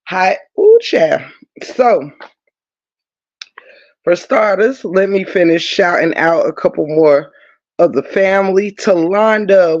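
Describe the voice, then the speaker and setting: Slow, gravelly livestream host. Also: medium pitch, muffled recording. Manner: affectionate, greets and shouts out viewers by name. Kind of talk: casual live chat with viewers.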